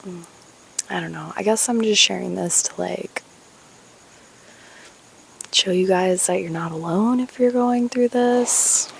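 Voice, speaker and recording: A young woman talking candidly to her viewers in a vlog, musing slowly, laughing and swearing casually. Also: mid-range voice, gravelly, slight background noise. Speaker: spiritual YouTuber.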